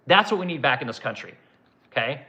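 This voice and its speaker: A man's voice: medium pitch, expressive, fairly quick, pushed and bright, highs cut off. A man streaming a profane, aggressive political rant, mocking the people he argues against.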